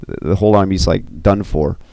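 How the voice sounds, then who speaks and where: Deep, gravelly man retelling a film. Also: a little fast, no echo. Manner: animated, filler-heavy with you know and uh. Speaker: storyteller recounting an animated film. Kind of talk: casual retelling.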